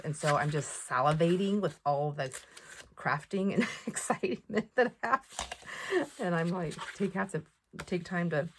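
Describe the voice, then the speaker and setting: A woman chatting to camera while showing off a craft haul, excitable and full of fillers and asides. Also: lowish voice, a little hiss or hum. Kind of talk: casual chat to camera.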